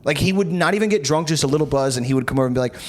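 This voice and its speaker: A man's voice: on the high side, rapid-fire, a little hiss or hum. A young man hosting a podcast, telling rambling comic stories in casual chat with lots of fillers. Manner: rambling storyteller, many fillers and restarts. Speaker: podcast host.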